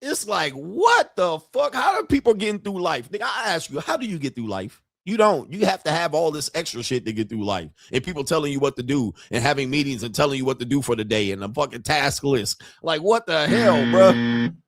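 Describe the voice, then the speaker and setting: A middle-aged man rants as the host of his own online show, crude and full of swagger. His voice sits high for a man and sounds dry, with no room around it. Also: big pitch swings, fairly quick, creaky, dry recording. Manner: brash, profane and boastful, laughs at his own jokes. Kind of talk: ranting commentary.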